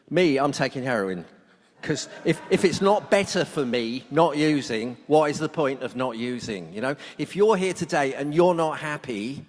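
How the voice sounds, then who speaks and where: Middle-aged guy, blunt jokey storyteller, voice ringing round a big hall. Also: mid-range voice. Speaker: speaker at a recovery workshop. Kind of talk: humorous talk to an audience. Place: conference hall. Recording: long hall reverb.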